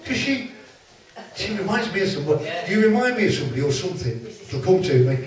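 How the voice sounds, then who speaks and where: A man telling quick jokes to a hotel crowd, teasing and chatting with the audience. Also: high voice, big pitch swings. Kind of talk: live stand-up joke telling to a crowd. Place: hotel function room with a laughing audience. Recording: echoey hall from far off with crowd laughter.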